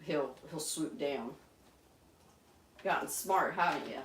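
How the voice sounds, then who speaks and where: A woman hosting a live stream at home, chatting casually with viewers and coaxing her pet birds in a high sing-song voice. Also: slow, long pauses. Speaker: livestream host with pet birds. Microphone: phone on a small tripod. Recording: echoey room, far from mic, noisy.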